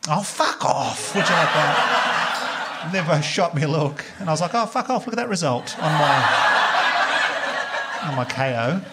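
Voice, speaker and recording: An Australian man doing a stand-up comedy set, telling crude stories in a deadpan way and quoting other people's voices. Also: fairly high pitch, heavy background noise. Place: comedy club stage before a live audience. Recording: live stage mic, loud crowd laughter. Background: audience laughter.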